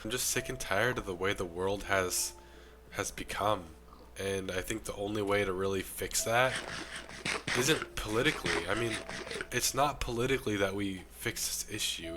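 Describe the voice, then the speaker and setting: A young man with a rough, strained voice from the flu, giving an impassioned self-improvement monologue to camera. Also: on the low side, moderate pace, pushed and bright, slight background noise. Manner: preachy, impassioned. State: sick, losing his voice.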